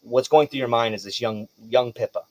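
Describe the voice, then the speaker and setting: A man's voice: medium pitch, a little fast, dry recording. Male GM, casual profane narration, dry close sound. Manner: loose, swearing, animated narration. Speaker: game master. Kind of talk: narrating a tabletop game.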